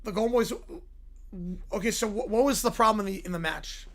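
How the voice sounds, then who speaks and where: A man casually hosting a livestream, relaxed and reacting as he reads viewer messages aloud. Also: high-pitched, a little fast. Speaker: livestream host.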